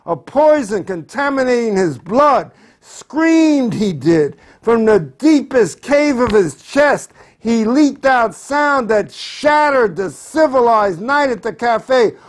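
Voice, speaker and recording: Older-sounding poet guy reading his poem at home, slow and dramatic, voice swinging way up and down. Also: high-pitched. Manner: dramatic, impassioned delivery with sudden loud outbursts. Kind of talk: reading his own poetry aloud. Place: poet's home.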